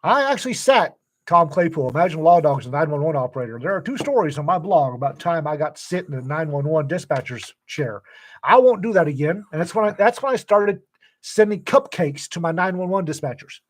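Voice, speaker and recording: A man's voice: fairly high pitch, animated, brisk, slight background noise. An older man in casual conversation, telling folksy stories and acting out the voices of the people in them. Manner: folksy storyteller who acts out quoted voices. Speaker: podcast co-host telling stories. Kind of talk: casual storytelling chat.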